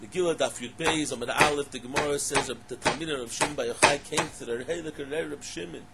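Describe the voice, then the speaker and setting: A man's voice: on the high side, fast, gravelly, heavy background noise. A man giving a Torah lecture in English full of Hebrew and Aramaic terms. He poses questions, then repeats and stresses them. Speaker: Torah teacher.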